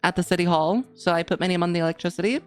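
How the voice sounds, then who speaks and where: A woman's voice: fairly low pitch, racing, clean tone. A young adult woman co-hosting a podcast, telling a personal story in casual chat, rambling with lots of "like" fillers. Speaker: podcast co-host.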